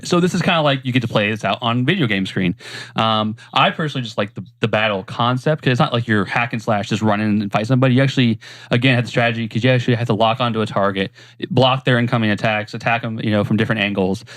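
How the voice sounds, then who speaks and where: A man's voice: medium pitch, fast, fairly bright tone, dry recording. A young man co-hosting a casual gaming podcast, rambling along with many ums and restarts. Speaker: podcast co-host. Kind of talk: casual chat.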